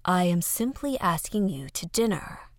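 A woman voicing a serene, graceful male insect-like alien artist, speaking softly and aloofly. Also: fairly low pitch, very animated, measured pace, creaky, dry recording, clean studio sound, heavily acted.

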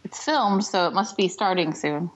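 A woman's voice: on the low side, normal speed. A woman co-hosting a podcast, dropping wry, teasing remarks into the conversation. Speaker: podcast co-host. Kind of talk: casual podcast chat.

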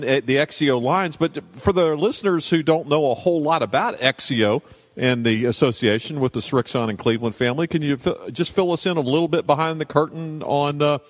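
A man hosting a podcast interview in a friendly, upbeat, conversational way. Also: a little high. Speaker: podcast host. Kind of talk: casual interview.

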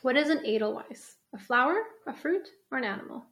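A young woman co-hosting a casual podcast, reading quiz questions aloud slowly and laughing often. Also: high voice, expressive, fairly bright tone. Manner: playful, laughs often, slows down to read questions. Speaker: podcast co-host.

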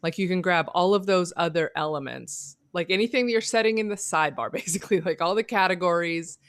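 A woman's voice: fairly low pitch, fast, dry recording, studio quality. A woman co-hosting a casual technical chat on a video call, talking enthusiastically and piling up examples with lots of fillers. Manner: chatty, enthusiastic, piles on examples with many fillers.

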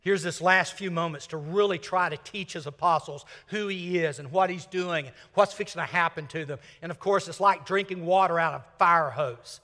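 An older man from Mississippi, preaching a sermon and swinging from loud emphasis to hushed, whispered lines. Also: fairly high pitch, moderate pace, few pauses, in a large hall. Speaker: senior minister.

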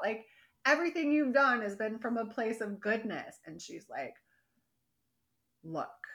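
A woman co-hosting a casual podcast, recapping episodes in an animated, exasperated way and acting out what the characters say. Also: fairly high pitch, unhurried, long pauses. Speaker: podcast co-host.

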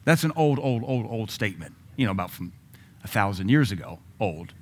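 A man preaching a sermon in a low voice, as if talking to the congregation. He moves between casual asides and sudden emphatic bursts. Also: animated, brisk. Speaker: pastor.

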